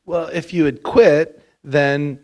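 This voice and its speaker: A man's voice: fairly high pitch, steady tone, slow, a little mellow. Man hosting a casual interview. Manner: conversational, prompting the guest with questions. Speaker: interview host.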